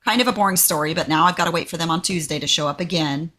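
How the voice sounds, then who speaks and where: A woman co-hosting a casual podcast, telling a story in a chatty, exasperated way. Her voice sits low for a woman but sounds bright and forceful. Faint noise hums behind her. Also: rapid-fire. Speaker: podcast co-host. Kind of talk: casual chat.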